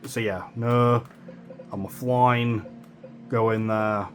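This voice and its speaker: A man's voice: mid-range voice, fairly even intonation, slow, soft background music. A man casually explaining game discs and storage in a home vlog, rambling and correcting himself as he goes. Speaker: gaming YouTuber. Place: home room with a console and desk.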